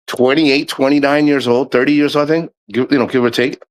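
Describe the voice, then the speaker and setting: A man's voice: medium pitch, steady tone, fairly quick, low-quality recording. A middle-aged man hosting a livestream, talking candidly and at length in a rambling way, swearing often. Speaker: livestream host. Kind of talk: casual livestream monologue.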